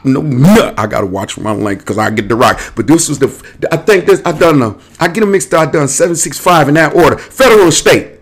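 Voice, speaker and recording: Hosting his own show, a man rambles to camera in a digressive, restless monologue, jumping between topics in streetwise, casual speech laced with cursing. His voice is fairly high and husky, with lively intonation, and he talks fairly quickly with hardly any pauses.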